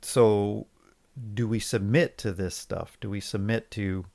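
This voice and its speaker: A man co-hosting a podcast in casual opinion chat, sarcastic and halting with restarts. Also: on the low side, steady tone, vocal fry, a little mellow. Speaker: podcast co-host.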